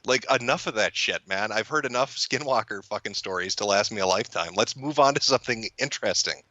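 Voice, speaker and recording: A man's voice: medium pitch, animated, brisk, hardly any pauses, pushed and bright, no echo. A man in casual chat, talking bluntly and profanely with a sarcastic edge, often laughing mid-sentence. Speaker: podcast guest and commentator.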